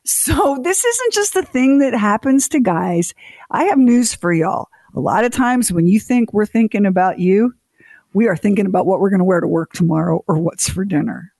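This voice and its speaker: A woman co-hosting a radio show, chatting and joking as she tells stories. Her voice is a little husky, and the sound is dry and close. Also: mid-range voice, lively intonation, moderate pace, a little mellow, dry recording. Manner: chatty, comedic storytelling with put-on quotes. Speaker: co-host. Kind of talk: casual radio chat.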